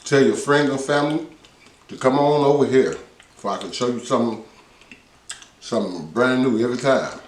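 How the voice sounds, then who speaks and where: A chatty cooking channel host films a casual vlog in his home kitchen, talking with his mouth full as he tastes the food. His mid-range voice moves at normal speed with frequent pauses, and the distant recording sounds roomy.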